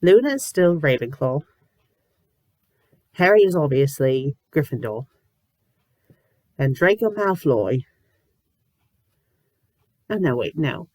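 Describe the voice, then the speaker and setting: A woman with covid reviewing fanfiction in a comedic, exasperated rant, sometimes breaking into shouts. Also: low-pitched, sing-song, takes it slowly, pauses often, no room sound. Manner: exasperated, ranting, bursts into shouting; says "bloody" often. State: sick with covid, a little loopy.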